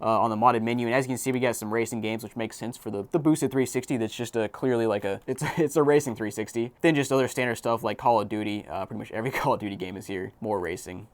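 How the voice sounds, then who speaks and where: A man giving casual, excitable commentary as he unboxes and tests game consoles. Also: fairly low pitch, no room sound. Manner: excitable, quick reactions and exclamations. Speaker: tech YouTuber reviewing consoles.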